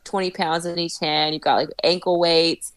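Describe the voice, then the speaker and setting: A woman as a podcast guest in casual chat, telling animated stories, swearing freely and laughing often. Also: on the low side, moderate pace, no room sound.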